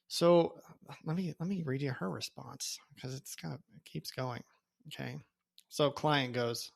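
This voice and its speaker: A man's voice: mid-range voice, a little slow, gravelly. A man hosting his own podcast, telling a story alone in a loose, conversational way and often checking in with "okay?". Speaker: podcast host. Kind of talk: casual solo storytelling.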